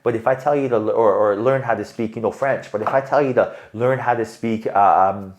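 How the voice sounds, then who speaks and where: Animated male tarot reader. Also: on the low side, fairly quick. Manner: animated, emphatic, keeps asking "right?". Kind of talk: tarot reading monologue.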